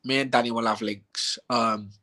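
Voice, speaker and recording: A man's voice: mid-range voice, fairly even intonation, normal speed, sharp tone. A man, a bare-knuckle fighter hosting a live chat, blunt and swearing freely.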